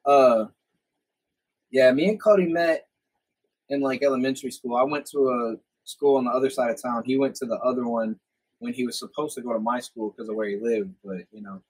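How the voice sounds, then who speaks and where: A man's voice: medium pitch, a little fast, slightly rough, rough recording. A young man hosting a podcast, telling rambling, profanity-laced stories from his youth in casual chat. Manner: swears a lot, rambling anecdotes. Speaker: podcast host.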